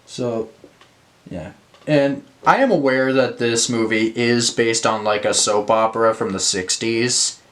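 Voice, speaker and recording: A man's voice: mid-range voice, moderate pace, fairly bright tone. A young man reviewing films in a casual rant, exasperated, swearing and using lots of fillers. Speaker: movie reviewer.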